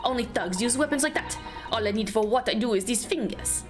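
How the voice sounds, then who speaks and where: A woman's voice: on the high side, fairly quick, close to an everyday voice. A woman doing a cocky young street urchin girl. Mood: defiant. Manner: cocky, brash slangy talk. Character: scrappy young female street urchin pickpocket, proud. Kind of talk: reading a game's dialogue aloud. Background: game music.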